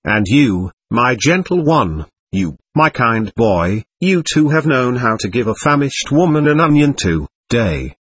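A man reading the part of a gentle, joyful old male monk elder, speaking softly and tenderly. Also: mid-range voice, very animated, measured pace, few pauses, slightly rough, no room sound, heavily acted. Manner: soft, tender, warm-hearted speech.

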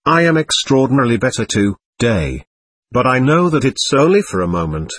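A male narrator voicing a gentle, ailing old monk who speaks calmly and consolingly, in an audiobook. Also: medium pitch, moderate pace, husky, dry recording. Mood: serene. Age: older. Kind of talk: audiobook character reading.

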